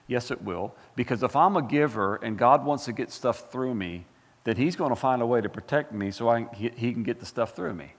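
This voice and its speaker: A man preaching a sermon as pastor, fired up and animated, full of folksy asides and repeated words. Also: mid-range voice, normal speed, big-room sound. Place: church sanctuary.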